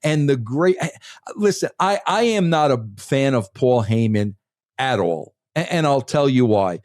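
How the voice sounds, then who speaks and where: A man's voice: mid-range voice, expressive, unhurried, a little mellow, dry recording, clean studio sound. A man being interviewed on a podcast, talking in an emphatic, rambling casual way and calling the host "bro" again and again. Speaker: former wrestling head writer, guest.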